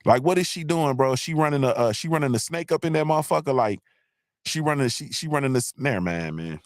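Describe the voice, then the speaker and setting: A man's voice: mid-range voice, animated, a little fast, dry recording, studio quality. A man hosting a live online show, ranting in a casual, profane, repetitive way. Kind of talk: casual comedic rant.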